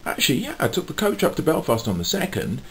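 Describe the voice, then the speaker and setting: A man's voice: on the high side, huge pitch swings, fast, fairly bright tone, a little hiss or hum. A man casually chatting to camera in a rambling, chatty way, full of fillers and little chuckles. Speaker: vlogger and street musician.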